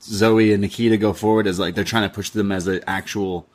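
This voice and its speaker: A man's voice: fairly low pitch, steady tone, brisk. A man co-hosting a casual wrestling review podcast, upbeat and joking. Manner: upbeat, joking, laughs often. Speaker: podcast co-host.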